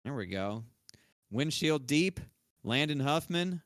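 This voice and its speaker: A male race commentator with a mid-range, smooth voice, trading relaxed jokes and lap predictions. He reads out times plainly between the gags. The recording is dry and close. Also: fairly high pitch, slow pace, no echo. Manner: joking, laid-back banter with lap predictions.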